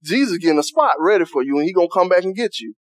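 High-voiced preacher, casual Southern vernacular. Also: male voice, animated, rapid-fire, no room sound. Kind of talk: sermon.

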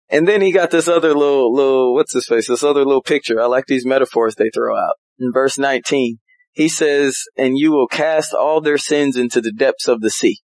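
A man preaching casually as a pastor, telling folksy stories with lively, animated delivery. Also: medium pitch, normal speed, no room sound, low-quality recording. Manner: animated, folksy storytelling with laughs.

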